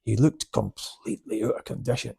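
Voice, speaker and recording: An older man, a karate instructor, casually telling anecdotes and acting out both sides of the dialogue in sudden loud bursts. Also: on the low side, a little fast, vocal fry, husky. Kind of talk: casual storytelling chat.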